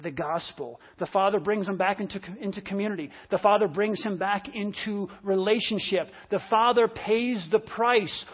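A preacher delivering a sermon, repeating key phrases and swinging between loud, forceful lines and hushed ones. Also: medium pitch, moderate pace, hardly any pauses, husky, muffled recording.

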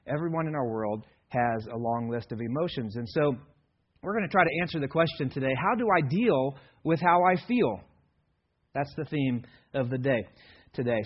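A man's voice: on the high side, husky. Dry, self-deprecating man preaching. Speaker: guest preacher. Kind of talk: conversational sermon. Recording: dull lo-fi sermon recording.

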